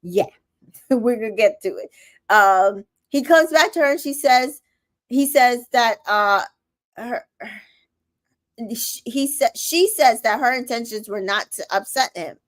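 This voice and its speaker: A woman's voice: on the high side, measured pace, pauses often. A woman hosting a casual show recap, reading viewer comments aloud and giving sassy, opinionated reactions.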